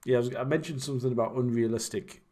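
A man's voice: medium pitch, quick pace, dark tone. A young man, casually chatting and rambling while commentating on his own game. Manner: rambling, chatty, self-deprecating. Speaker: streamer.

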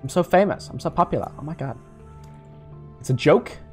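A young man rambles through gameplay commentary, cracking jokes and swearing. His voice sits a little high and swings widely in pitch. Faint game music plays behind him. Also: expressive, brisk. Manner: jokey, rambling, swears and laughs. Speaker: gaming YouTuber.

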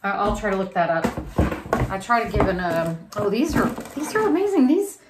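A woman reseller chatting casually as she unboxes craft and holiday items, rambling and thinking aloud with quick laughs. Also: mid-range voice, animated, roomy sound, heavy background noise. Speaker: reseller unboxing grab bags.

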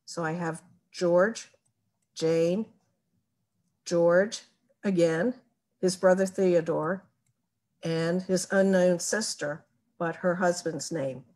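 A woman giving a recorded tutorial on building a family tree, explaining each step slowly and methodically. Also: fairly low pitch, fairly even intonation, a little mellow. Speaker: genealogy presenter. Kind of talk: recorded screen-share tutorial.

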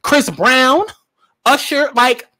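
Sassy high-voiced man ranting. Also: slow, pushed and bright. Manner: sassy, profane and emphatic, repeats lines for punch. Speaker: commentary vlogger. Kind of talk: casual pop culture commentary.

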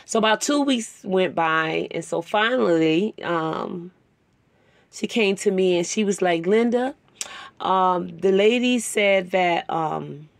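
A woman's voice: lowish voice, slow pace, vocal fry, dry recording. A woman telling a personal story in a sermon-style talk, conversational and emotional. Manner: conversational, rambling with fillers; emotional, tearing up. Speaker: Bible teacher.

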